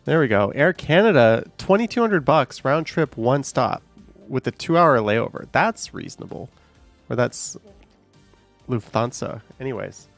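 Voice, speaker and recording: A man's voice: mid-range voice, lively intonation, a little slow, gravelly, dry recording, soft background music. A man live-streaming, chatting casually and reading viewer comments aloud, musing in a rambling way with lots of fillers. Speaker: live-streaming walking vlogger.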